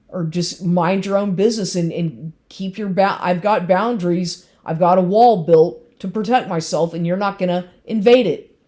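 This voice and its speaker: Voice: mid-range voice, normal speed, dark tone. A speaker in a rambling vlog monologue, agitated and constantly swearing, with lots of fillers and restarts.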